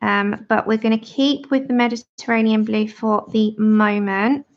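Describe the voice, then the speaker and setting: Woman in her 30s, giggly chat while she colours, highish voice with some fry, muffled stream sound. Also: flat delivery, measured pace. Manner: chatty, giggly, reads out viewer comments. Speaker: livestream host colouring with viewers. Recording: dull lo-fi livestream audio.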